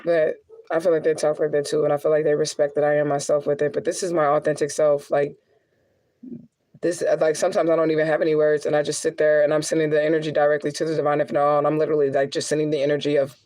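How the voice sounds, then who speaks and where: A woman's voice: low-pitched, steady tone, fast, a little mellow. A young adult woman, a spiritual reader, venting candidly on a livestream, cursing freely and laughing often.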